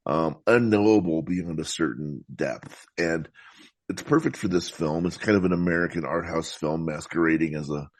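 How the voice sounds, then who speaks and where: A man talking about films as a podcast guest, in a thoughtful, meandering way with frequent halting restarts. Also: sits low, no room sound. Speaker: podcast guest, film critic. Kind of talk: casual film discussion.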